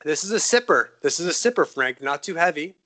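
Brief: male podcast co-host, slightly higher pitch, animated and jokey, casual tasting talk. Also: fast. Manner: upbeat, joking, animated. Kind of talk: casual beer-tasting chat.

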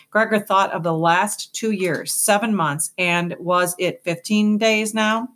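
A woman giving a measured, steady scripted narration of an audiobook. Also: fairly low pitch.

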